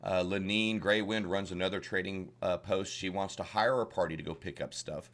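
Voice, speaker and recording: An older Southern US man with a low, slightly bright voice hosts a casual tutorial on running tabletop games as a dungeon master. He talks at a normal speed with fairly even intonation, rambling in a folksy way with lots of fillers and restarts.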